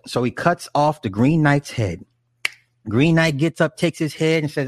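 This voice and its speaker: A man's voice: fairly high pitch, a little slow, dry recording, studio quality. A man casually retelling a story in a rambling, profane way, with frequent restarts and asides. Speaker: film recapper. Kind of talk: casual chat.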